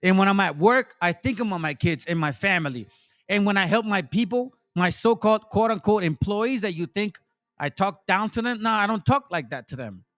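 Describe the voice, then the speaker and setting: An insurance seller who hosts a channel delivers a furious, foul-mouthed tirade laced with sarcasm and repetition. His voice is high, brisk and expressive, with a fairly bright tone.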